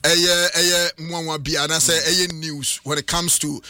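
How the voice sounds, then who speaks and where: A man with a Ghanaian accent arguing emphatically as a pundit in a studio sports debate, sometimes shouting. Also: fairly high pitch, a little slow, dry recording. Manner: animated, emphatic, bursts into shouting.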